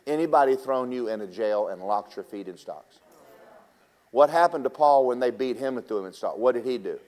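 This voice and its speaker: A male preacher, delivering a sermon at an ordinary, middle pitch. He talks in a folksy, teasing way, telling stories from his own working life. He keeps turning to the congregation and speaking straight to them. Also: lively intonation, brisk, a little mellow.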